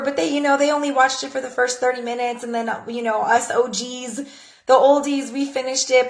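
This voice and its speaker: Fast and creaky, this woman in her thirties chats to camera about using social media for her jewelry business. She acts out mini conversations in a high, bright voice, recorded in an echoey room.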